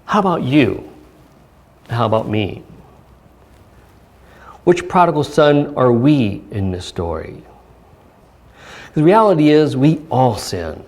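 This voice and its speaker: A man pastor giving a church sermon, speaking earnestly with pauses and reading scripture aloud. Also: mid-range voice, very animated, a little mellow. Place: church service.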